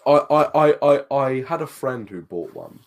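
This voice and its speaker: A man's voice: mid-range voice, expressive, normal speed. A man in casual conversation, reading passages aloud from books and giving emphatic advice. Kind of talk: casual chat.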